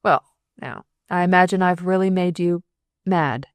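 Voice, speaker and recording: A woman voicing a gruff, blustering middle-aged male senior surgeon in a storybook reading. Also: on the low side, unhurried, no room sound, natural voice. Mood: sheepish.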